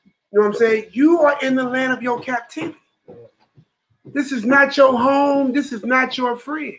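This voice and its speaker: A man's voice: very high-pitched, moderate pace, a bit bright, slight background noise, rough recording. A man teaching a Bible study to a room of brothers, preaching emphatically and often asking "you know what I'm saying?".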